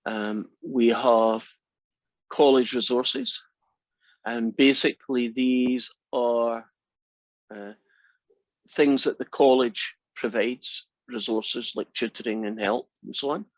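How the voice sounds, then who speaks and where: A Scottish man teaching a college math class, relaxed and chatty with a dry, teasing humor. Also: mid-range voice, slow, no echo, highs cut off. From Scotland. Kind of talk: classroom lecture.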